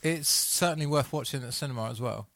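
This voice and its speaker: Gravelly, bright man chatting. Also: medium pitch, fast, dry recording. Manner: animated storytelling, acts out quotes. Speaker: podcast co-host. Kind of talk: casual chat.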